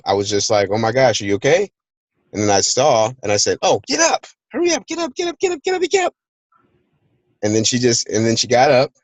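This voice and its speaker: A low-pitched man talks loosely and energetically through a motivational chat. His voice sits dry and close to the mic. He tells stories and acts out bits of them in quotes. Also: dry recording, rough recording. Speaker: host of a team call. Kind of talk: casual motivational talk. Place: hot place, remote recording.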